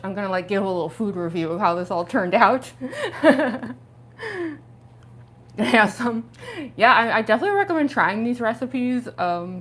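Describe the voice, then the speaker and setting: A young woman chatting casually on a livestream, giggling often and full of fillers, her voice jumping up when she gets excited, while she speaks around costume fake teeth. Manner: excitable, pitch jumping up on exclamations.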